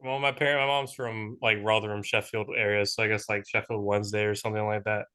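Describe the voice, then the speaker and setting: A man's voice: lowish voice, flat delivery, fast, bright, forceful tone, clear, resonant tone. A man appearing as a guest on a football podcast, talking hesitantly with lots of fillers. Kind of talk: casual chat.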